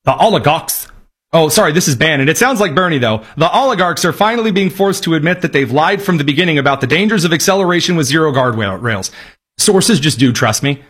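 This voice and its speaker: A man's voice: fairly high pitch, expressive, fairly quick, a bit bright, breathy edge. A man delivering sarcastic, emphatic political commentary in a ranting style. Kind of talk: opinionated commentary.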